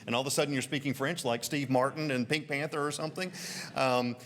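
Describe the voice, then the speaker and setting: A man's voice: mid-range voice, fast. A man with a Southern American accent preaching a sermon, telling stories and putting on voices for quotes. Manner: storytelling, animated, puts on voices for quotes. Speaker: pastor.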